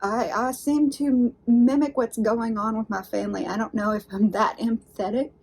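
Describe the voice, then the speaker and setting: A woman's voice: fairly high pitch, steady tone, moderate pace, a little mellow, breathy edge. A woman with a Southern accent hosting an unboxing vlog, talking to her viewers in a chatty, folksy, rambling way. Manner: rambling, folksy, talks straight to viewers with "y'all". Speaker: unboxing channel host.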